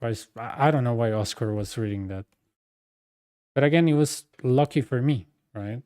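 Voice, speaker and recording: Mellow-voiced man. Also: mid-range voice, moderate pace, clear, resonant tone, no room sound, studio quality. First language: Spanish. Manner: rambling, full of fillers and asides. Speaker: game streamer. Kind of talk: casual storytelling chat.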